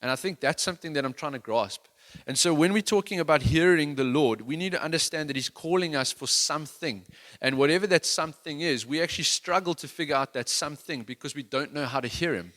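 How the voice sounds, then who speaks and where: A man's voice: on the high side, fast, fairly bright tone. A man preaching a sermon in an earnest, conversational, self-deprecating way, with many restarts. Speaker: worship leader giving a sermon.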